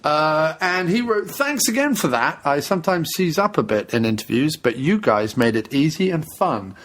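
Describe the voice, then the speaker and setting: A man's voice: a little high, very animated, normal speed, a bit bright. Jokey male podcast co-host. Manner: jokey, laughing, slips into silly put-on voices. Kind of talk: casual podcast chat.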